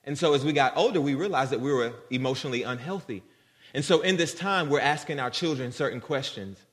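Male guest preacher, mid-pitched, earnest conversational delivery, church hall reverb. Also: fairly quick. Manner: conversational, earnest, addresses congregation directly. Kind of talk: sermon. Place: church sanctuary.

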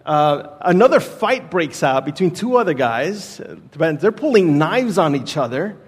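A man's voice: fairly high pitch, big pitch swings, normal speed, breathy edge. A man in his thirties from Texas, a guest preacher telling a personal story in a casual, rambling sermon with many restarts. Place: church sanctuary. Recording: reverberant church hall.

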